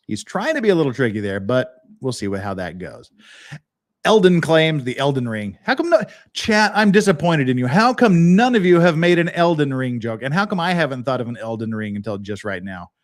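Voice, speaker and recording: A man hosting a live legal commentary stream, his voice pitched a little high and swinging widely as he talks. He jokes with his viewers and reads through court filings in a loose, chatty way. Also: normal speed. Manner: animated, joking, chatty with chat. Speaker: podcast host.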